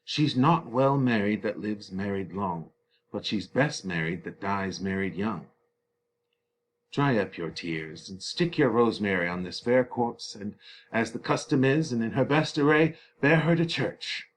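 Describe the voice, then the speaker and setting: A man reading aloud the part of a calm priest consoling a grieving family, measured and grave. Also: fairly low pitch, slight background noise.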